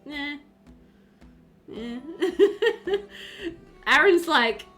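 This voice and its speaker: Faint music plays behind this young woman as she talks slowly with her stream audience, leaving long pauses. Her medium-pitched voice is animated and fairly bright, and she giggles often while reading chat messages aloud in a chatty, casual way.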